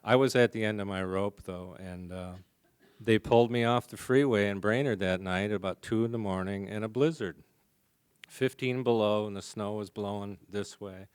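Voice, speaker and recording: Male recovery speaker, low clear voice, confessional and funny. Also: steady tone, normal speed, dry recording, clean studio sound. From American. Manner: humorous, confessional storytelling. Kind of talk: storytelling recovery talk. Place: conference hall.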